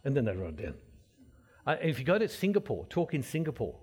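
A husky-voiced man gives an informal sermon-style talk at an ordinary middle pitch. He rambles through stories and restarts often. His voice swings between loud bursts and soft asides. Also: huge pitch swings, fast. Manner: rambling storyteller, many restarts.

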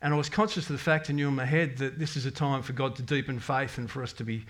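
A man's voice: mid-range voice, fairly even intonation, fast, a bit bright. A middle-aged man, giving a rambling, candid personal faith testimony to his congregation, full of restarts and quoted prayers. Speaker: parish member giving a testimony.

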